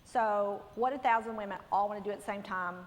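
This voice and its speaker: A pastor's wife telling a humorous story to a women's conference, animated and laughing, her voice climbing into near shouts. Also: medium pitch, fast talker. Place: large church hall with audience. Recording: long hall reverb, faint room noise.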